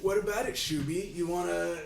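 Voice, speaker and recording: A man's voice: high voice, brisk, vocal fry, voice pushed up. A man voicing a laid-back dragonborn man with an easygoing, drawling manner. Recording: roomy, distant mic, noisy.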